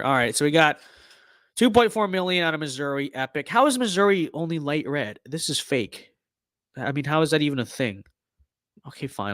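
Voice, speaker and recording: A man's voice: mid-range voice, a bit bright, no room sound, studio quality. A young man giving casual gameplay commentary on a stream, full of ironic mock-political bluster and repeated catchphrases.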